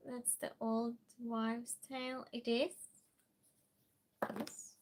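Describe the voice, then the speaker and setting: A woman's voice: on the high side, slow pace, noisy background. A woman with a Swedish accent, casually chatting with her stream and reading viewer comments aloud. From Sweden. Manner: relaxed, reads chat aloud, soft giggles.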